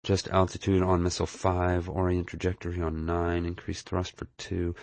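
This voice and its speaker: A man voicing a withdrawn teenage boy who mumbles quietly. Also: low-pitched, brisk, husky, dry recording. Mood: flat mumbling.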